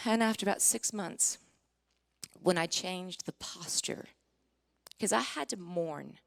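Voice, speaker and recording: A woman in her forties giving a sermon testimony, telling her story with strong feeling, acting out what was said, rising to near-shouting and dropping to whispers. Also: fairly low pitch, slow pace, vocal fry. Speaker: Christian singer giving a testimony. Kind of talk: sermon testimony to a live audience.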